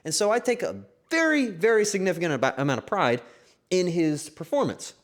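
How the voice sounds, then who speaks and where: Lively emotional young male streamer. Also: high-pitched, fairly quick. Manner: emotional, swears often, swings from loud to hushed. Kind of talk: casual stream chat.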